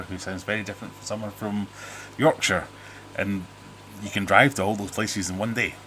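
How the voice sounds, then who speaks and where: A man's voice: sits low, fairly bright tone, a little hiss or hum. Rambling, jokey British man hosting a livestream. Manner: rambling, jokey, self-interrupting. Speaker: livestream host. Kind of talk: casual live-stream chat reading viewer comments. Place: home fish room.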